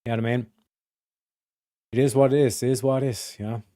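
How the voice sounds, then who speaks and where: A man's voice: medium pitch, fairly even intonation, fast talker, dark tone, no room sound, clean studio sound. A man from Europe hosting a live stream, rambling, swearing a lot and reading chat messages aloud. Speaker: livestream host.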